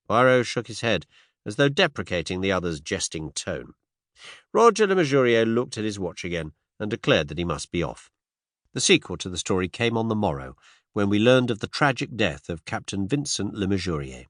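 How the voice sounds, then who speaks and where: An audiobook narrator reads a classic detective story as scripted narration, measured and expressive in his storytelling. His voice is lowish, recorded at studio quality with no room sound.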